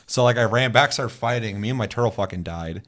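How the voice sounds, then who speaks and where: His voice sits on the low side with a bit of brightness, and he talks a little fast. As a young co-host on a gaming podcast, he tells rambling, profane tales in casual chat.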